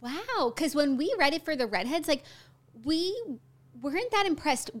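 Upbeat higher-voiced woman podcast co-host. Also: expressive, normal speed. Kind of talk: casual chat.

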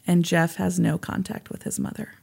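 A woman's voice: fairly low pitch, little pitch movement, moderate pace, creaky, a little mellow, slightly rough. A woman co-hosting a casual true-crime podcast, blunt and teasing, swearing casually. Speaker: podcast co-host.

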